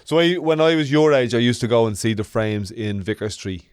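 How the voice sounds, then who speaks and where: A man hosts a podcast, his voice at an everyday middle pitch. He chats in a relaxed, joking way, and the sound is dry and close. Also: brisk, clear, resonant tone, no room sound. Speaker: podcast host. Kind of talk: casual chat.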